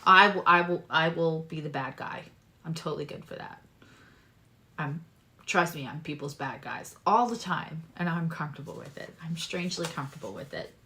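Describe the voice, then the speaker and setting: A woman giving a casual tarot reading to her viewers, chatty and animated, swearing casually and swinging between loud bursts and soft asides. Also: sits low, moderate pace. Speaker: tarot reader and astrologer.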